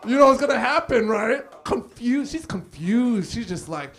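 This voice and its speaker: An extremely high-pitched male voice at normal speed belongs to a comedian performing stand-up live at a small cafe. Animated throughout, he narrates stories and acts out the people involved.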